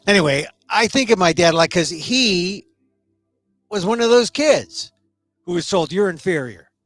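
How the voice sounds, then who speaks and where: A middle-aged man with a slightly high voice runs his own daily talk show. He delivers a solo commentary monologue with emphatic shifts of pace. The sound is dry and close, with faint music playing behind him. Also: lively intonation, unhurried, fairly bright tone, dry recording.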